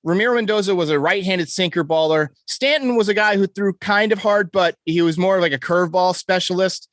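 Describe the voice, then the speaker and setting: A man's voice: sits high, fairly quick, fairly bright tone, no echo, clean studio sound. A man hosting a casual sports podcast, reeling off stats and correcting himself as he goes. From New York. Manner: stat-heavy, enthusiastic, self-correcting. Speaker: podcast host.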